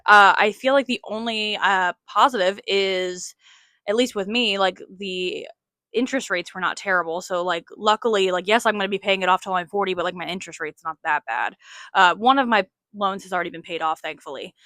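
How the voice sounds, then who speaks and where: Late 20s woman rambling thru a story on her podcast, bright voice, dry close sound, lots of likes. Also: medium pitch, a little fast, no room sound. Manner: chatty, frequent "like" fillers, self-mocking. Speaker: podcast host. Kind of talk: casual storytelling monologue.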